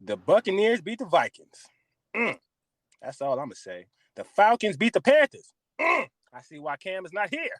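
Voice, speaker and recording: A West Coast American man with a high voice hosts a podcast, ranting about football at a moderate pace and swearing plenty. The recording is dry, and the mood is an animated, profane rant in casual sports chat.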